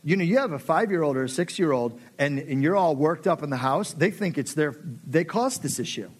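A man's voice: a little high, expressive, fairly quick, slightly rough. A middle-aged man preaching a sermon, passionate and conversational, acting out quoted voices. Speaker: pastor.

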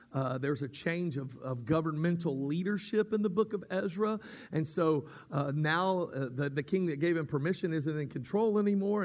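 A man preaching a sermon as pastor, teaching calmly at times and rising into loud, emphatic preaching, often repeating himself and restarting his words. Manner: builds from calm teaching to loud, high-pitched emphatic preaching.

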